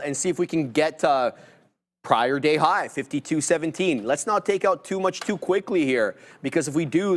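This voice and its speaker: Man, co-host, live trading talk, joking banter, higher-pitched. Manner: joking, relaxed banter while placing orders.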